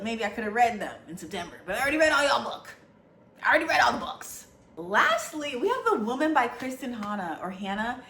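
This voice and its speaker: A young woman vlogging casually about books, chatty and animated, often saying "y'all.". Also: on the high side. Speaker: book vlogger. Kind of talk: casual chat. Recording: echoey room, faint background hum.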